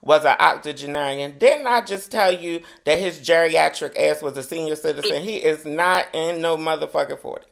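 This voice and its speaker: A man's voice: on the high side, moderate pace, gravelly, hardly any pauses, fairly bright tone. A man co-hosting a podcast in casual chat, roasting people bluntly with heavy profanity. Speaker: podcast co-host.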